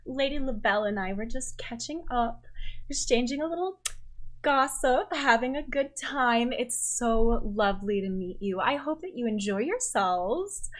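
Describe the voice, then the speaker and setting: A woman's voice: fairly high pitch, animated, normal speed, lightly acted. A woman voicing a haughty noble lady at a ball, speaking with sugary false politeness.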